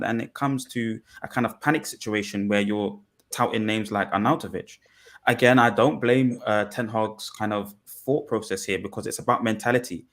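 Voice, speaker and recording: A man talking things through deliberately on a fan podcast panel, with many pauses and restarts. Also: medium pitch. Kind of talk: measured fan podcast discussion.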